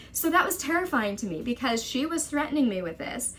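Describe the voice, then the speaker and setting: A woman's voice: sits high, big pitch swings, a bit bright, a little hiss or hum. A young woman vlogging a personal story to camera, urgent and exasperated, quoting others as she goes. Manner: urgent, exasperated retelling with quick quoted dialogue.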